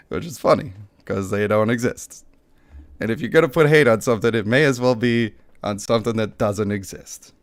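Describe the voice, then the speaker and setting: A man's voice: fairly low pitch, normal speed. A young man with a slightly worn voice, chatting casually and joking with his viewers on a game stream. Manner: joking, laughs at himself. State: voice a bit worn, cutting out. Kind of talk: casual live-stream chat.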